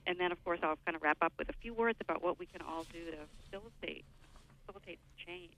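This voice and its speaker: A woman's voice: fairly low pitch, quick pace, a bit bright. An older woman, a radio show guest, explaining at length in a thoughtful, lecturing way. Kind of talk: radio interview. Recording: phone line, lo-fi.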